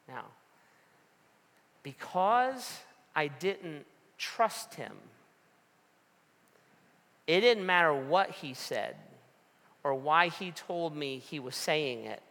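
A man, a pastor, telling a story from the pulpit in a sermon, acting out the dialogue with lively energy. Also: a little high, takes it slowly. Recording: long reverb of a large hall.

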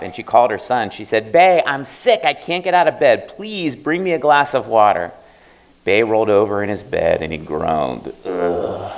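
Low-voiced man telling a story lively. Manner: hesitant, chatty, laughing at the story. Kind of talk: casual storytelling talk.

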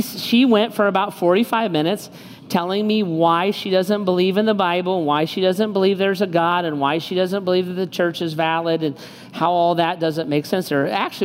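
A male pastor delivers a sermon in a loose, joking, conversational manner, weaving in personal stories. His voice rings with long reverb in a large church space. Faint ambient noise sits underneath. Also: sits high. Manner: conversational and joking, with rhetorical questions.

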